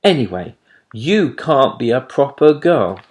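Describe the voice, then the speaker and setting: Brief: man voicing a storybook baby barn owl, high and piping, huffy, stammers over big words. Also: big pitch swings, unhurried. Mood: cross. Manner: high, indignant, stammering when puzzled. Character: timid fluffy baby barn owl boy, easily cross.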